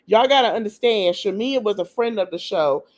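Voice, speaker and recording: A woman's voice: medium pitch, lively intonation, moderate pace. A woman podcast host gossiping through a casual TV recap. She talks in loose, slangy chat and speaks straight to her listeners as if they were friends. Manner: chatty gossipy storytelling, slangy, addresses listeners as y'all; acts out the people she quotes.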